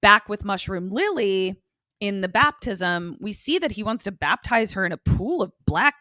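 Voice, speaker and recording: Podcast co-host, female; animated, swears freely, dry close mic. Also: medium pitch, no echo. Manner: animated, profane, quick asides. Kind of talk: casual recap chat.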